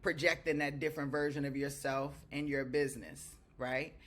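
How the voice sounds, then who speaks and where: A woman's voice: low-pitched, steady tone, normal speed. A woman hosting a business coaching Q&A over a video call, effusive and encouraging.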